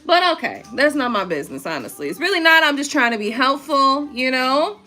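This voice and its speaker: A woman's voice: high voice, animated, fairly quick, sharp tone. A young woman giving a casual live tarot reading, chatty and prone to laughing and swearing, with features. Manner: chatty, laughs often, swears, reads viewer comments aloud. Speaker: tarot reader.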